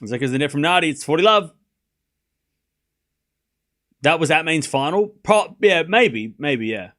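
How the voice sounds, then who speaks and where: A man's voice: on the high side, lively intonation, moderate pace, a bit bright. Playful man streaming tennis commentary. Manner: playful, scolds chat, pleading. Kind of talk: live watchalong commentary.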